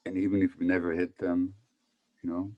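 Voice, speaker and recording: Older male physician speaker, low-pitched, chatty lecturing style that poses questions to the listeners. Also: flat delivery, fairly quick, muffled recording. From Hungary. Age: 70s. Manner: conversational, asks the audience questions. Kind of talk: public talk on trauma.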